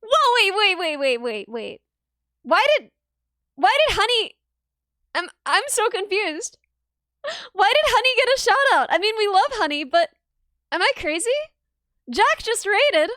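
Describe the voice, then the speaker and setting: A woman's voice: extremely high pitch, sing-song, measured pace, pauses often, pushed and bright, no room sound, studio quality. A woman streamer chatting casually with her viewers, giggling often in a bubbly, self-deprecating way. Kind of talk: casual livestream chat.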